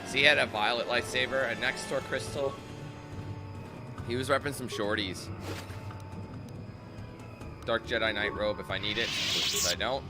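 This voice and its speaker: A man's voice: mid-range voice, fairly even intonation, moderate pace, pauses often, loud music behind the voice. A man giving casual gameplay commentary with rambling, joking asides. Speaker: gaming streamer.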